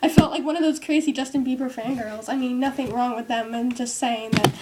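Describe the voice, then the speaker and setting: High-voiced young woman, chatty vlog. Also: steady tone, fairly quick, heavy background noise. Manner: chatty and rambling, full of "um" and "like". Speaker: vlogger. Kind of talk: casual chat to camera. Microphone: cheap microphone with its top broken off.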